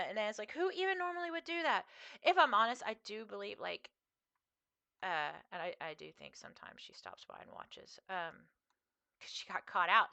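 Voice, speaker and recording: A woman's voice: on the low side, gravelly, sharp tone, clear, resonant tone, no room sound, lo-fi sound. A young woman streamer chatting casually with her viewers while she plays, rambling with frequent fillers and laughs. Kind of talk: casual live-stream chat while gaming.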